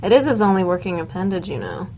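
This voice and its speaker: A woman's voice: on the low side, very animated, fast talker, dark tone, a little hiss or hum, rough recording. A woman hosting a horror show, flirty and theatrical in a campy sketch.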